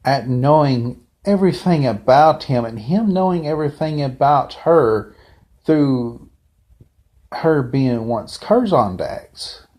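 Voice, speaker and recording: A man's voice: medium pitch, lively intonation, slow, mellow. A man giving a casual, unscripted fan review, rambling off the cuff with frequent asides and restarts.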